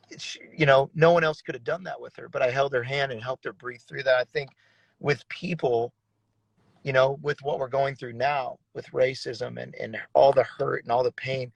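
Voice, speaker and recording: A male pastor tells his story earnestly, dropping casual slang along the way. His voice has a gravelly, fry-laden edge. The sound is close and dry, with no room echo. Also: mid-range voice. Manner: earnest, casual, uses slang like bro and dude. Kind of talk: personal testimony in conversation.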